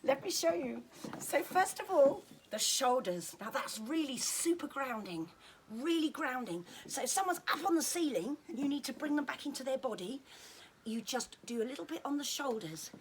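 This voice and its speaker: A woman giving a friendly, chatty massage demonstration lesson, gentle in tone and joking now and then. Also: sits high, expressive, moderate pace, a little hiss or hum. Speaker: children's touch therapist demonstrating massage. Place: indoors at home during lockdown.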